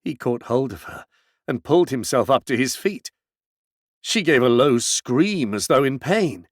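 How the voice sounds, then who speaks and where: A man reading a classic novel aloud as an audiobook narrator, with dramatic, measured delivery. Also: medium pitch, lively intonation, dry recording, clean studio sound. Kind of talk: scripted narration.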